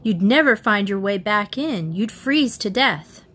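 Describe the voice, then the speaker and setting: A woman's voice: mid-range voice, lively intonation, measured pace, a bit bright, husky. A woman reading aloud, voicing a spunky, anxious teenage girl sleuth in a raised, emphatic voice. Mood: determined.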